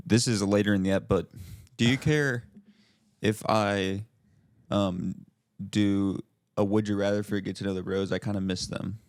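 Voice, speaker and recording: A man co-hosting a podcast, chatting casually and teasing his co-host with a joking tone. His voice sits a little low and the sound is dry and close. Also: steady tone, normal speed, dry recording. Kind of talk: casual chat.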